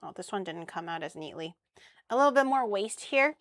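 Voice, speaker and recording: Young woman streamer, loose and crude, mid-pitch, dry close-mic sound. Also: lively intonation, moderate pace, pauses often, no echo. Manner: chatty, crude jokes, swears casually. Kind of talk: casual cooking stream chat.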